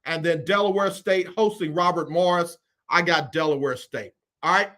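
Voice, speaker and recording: A man hosting a casual sports talk show, running through his football picks in a lively way and repeating his phrases. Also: on the high side, normal speed. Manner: animated, repeats phrases, Southern US Black vernacular.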